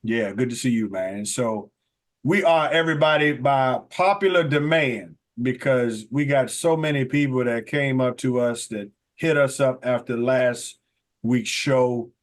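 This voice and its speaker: A man's voice: medium pitch, a little slow. A man hosting a radio talk show, casual and joking, sometimes stretching words in a singsong announcer style.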